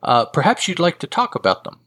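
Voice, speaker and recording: A man's voice: a little high, wildly swooping pitch, a little fast, fairly bright tone, pitched above the performer's own voice, exaggerated voice. Condescending male debt collector, smug and leering, read by a man.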